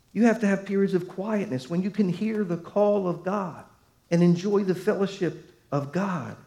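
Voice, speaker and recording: A man's voice: high-pitched, normal speed, creaky, warm tone. A man preaching a sermon as pastor, emphatic, his voice swelling and dropping to drive points home.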